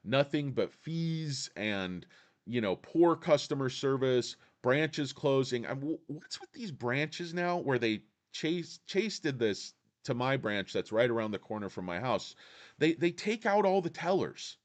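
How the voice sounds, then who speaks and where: A man's voice: medium pitch, sing-song, a little slow. A man hosting a stock-market livestream, ranting in a sarcastic, crude way. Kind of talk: casual livestream rant.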